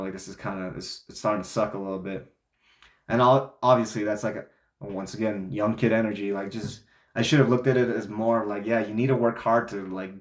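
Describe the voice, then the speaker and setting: A young man from Ukraine tells his story in a relaxed, rambling way, with lots of little fillers. His voice sits a little low. The sound bounces around an echoey room. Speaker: vlogger. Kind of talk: casual reflective monologue.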